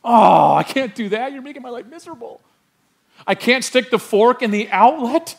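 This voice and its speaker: A man's voice: very high voice, expressive, normal speed, creaky, voice pushed up, heavily acted. A man preacher voicing a whining, petulant young child who complains about being told no. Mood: whiny.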